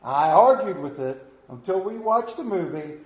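Middle-aged Appalachian pastor, high-pitched man, joking folksy sermon, roomy church echo. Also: lively intonation, normal speed. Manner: folksy, joking storyteller who questions the congregation. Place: church sanctuary.

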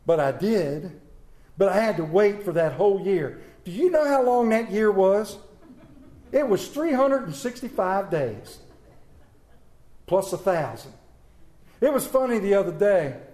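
A man's voice: high-pitched, expressive, measured pace, pauses often, dark tone, roomy sound. A man preaching a folksy sermon, telling homespun stories and reading scripture dramatically.

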